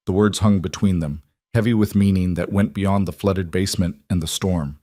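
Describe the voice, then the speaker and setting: Man narrating a drama story, lowish voice, dry close mic. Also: no echo. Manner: even, measured storytelling. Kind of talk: scripted narration.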